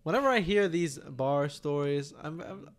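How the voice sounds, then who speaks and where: A young man bantering casually as a podcast co-host. He keeps a relaxed, teasing tone, and his voice sits slightly high for a man. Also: moderate pace. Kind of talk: casual chat.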